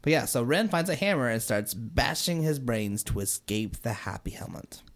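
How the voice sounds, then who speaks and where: A woman co-hosting a podcast in casual chat, expressive and recounting scenes. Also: rumbling low, normal speed. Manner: expressive, swings into voices for quotes. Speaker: podcast co-host.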